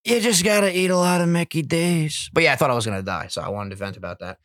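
A man hosting a podcast, telling stories in casual, animated, profane chat. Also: on the high side, fast talker, background noise. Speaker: podcast host.

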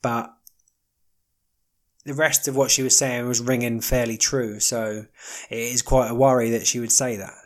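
Male solo podcast host, mid-pitched voice, rambling and wry, lots of fillers. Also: flat delivery, normal speed, long pauses. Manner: rambling, wry, jokey asides with many fillers. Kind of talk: casual solo monologue.

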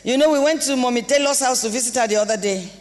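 A Nigerian woman pastor delivering an impassioned sermon with sing-song rises and shouted exclamations in a church hall. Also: on the high side, fast talker. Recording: long reverb of a large hall.

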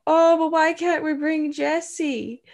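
Woman doing a fretful little Scottish girl, lifted pitch, loose accent. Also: flat delivery, slow, a little mellow. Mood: pleading. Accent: wobbly put-on Scottish, drifting British.

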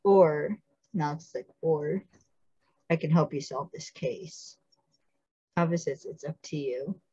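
A woman's voice: low voice, a little slow, husky, no echo, dull audio. A woman co-hosting a casual podcast, recapping a TV episode and acting out the characters' lines. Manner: animated, acts out characters' lines. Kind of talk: casual chat.

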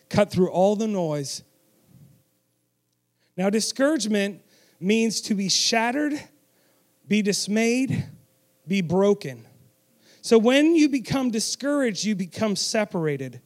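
Male preacher, high-pitched, emphatic, draws the congregation in to repeat lines. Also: animated, takes it slowly, pauses often. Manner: emphatic, with audience call-and-response and self-deprecating asides. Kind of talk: sermon.

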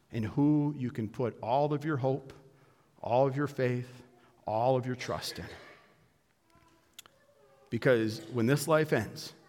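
A male pastor preaching a sermon and closing in prayer, earnest and emphatic, dropping to a hush and then building to loud declarations. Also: mid-range voice. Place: church sanctuary. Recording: long hall reverb from a church room.

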